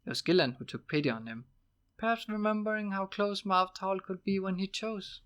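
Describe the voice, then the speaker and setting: A man's voice: high voice, brisk, clean tone. Man reading a novel aloud. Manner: steady, plain narration with small slips. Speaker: audiobook reader.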